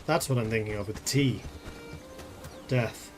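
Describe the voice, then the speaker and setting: A man's voice: lowish voice, fairly even intonation, normal speed, long pauses, over music. A man streaming a game, casually thinking aloud and playing with wordplay. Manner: musing aloud, playful with wordplay. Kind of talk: casual live-stream gameplay commentary.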